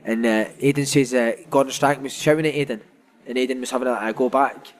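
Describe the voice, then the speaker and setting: A man's voice: mid-range voice, steady tone, fast. A man, a former footballer, telling funny football stories in casual chat, laughing often and calling people "mate". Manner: laughing, anecdotal, peppered with "mate". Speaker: podcast host and former footballer.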